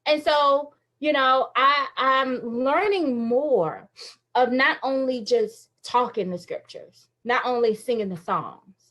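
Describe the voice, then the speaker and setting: A woman's voice: sits high, slow, fairly bright tone. A woman in her thirties giving a candid, emotional inspirational talk on a phone livestream, often laughing as she confides. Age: 30s. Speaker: faith livestream speaker.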